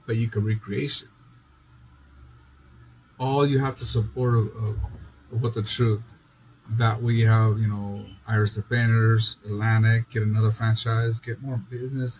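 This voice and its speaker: A man's voice: a little hiss or hum, poor audio. Rambling, swearing man with a mid-range voice. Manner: rambling, disjointed, heavy swearing; sudden jumps in loudness and pitch. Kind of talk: rambling profane monologue.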